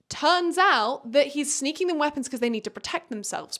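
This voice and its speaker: A woman's voice: high-pitched, animated, normal speed, a bit bright. A woman giving a casual, sarcastic book recap, with chatty, dramatic asides. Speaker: book reviewer.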